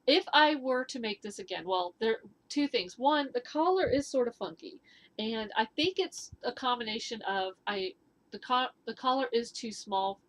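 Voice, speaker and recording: A woman hosting a knitting vlog from home, chatting casually and rambling with fillers and restarts. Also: mid-range voice. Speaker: knitting and fitness vlog host. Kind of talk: casual chatty show-and-tell. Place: at home indoors.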